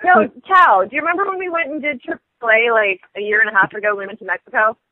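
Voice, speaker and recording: A woman guest in casual chat, asking relaxed questions. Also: fairly high pitch, fast talker, no echo. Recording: tinny phone-line sound.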